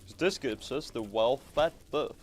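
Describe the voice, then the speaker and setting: A man's voice: medium pitch, unhurried. Rambling playful man streaming a game. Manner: rambling, playful, swears casually. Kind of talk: casual live game stream chat.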